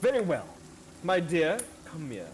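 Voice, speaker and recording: A man's voice: on the high side, huge pitch swings, a little slow, a little hiss or hum, pitched above the performer's own voice. A man voicing a smug fey creature who offers bargains in a grand, teasing manner. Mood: sly.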